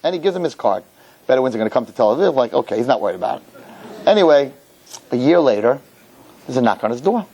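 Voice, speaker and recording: A rabbi giving a lecture, telling a funny story and acting out its characters before drawing a lesson. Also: male voice, medium pitch, fast talker, creaky, long pauses, husky, dull audio. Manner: animated storyteller, jokes, acts out characters. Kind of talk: humorous sermon lecture.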